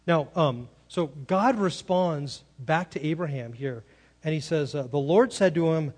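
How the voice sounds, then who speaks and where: A pastor with a fairly high, slightly mellow voice preaches a sermon at a measured pace. His style is conversational, full of rhetorical questions and acted-out quoted lines.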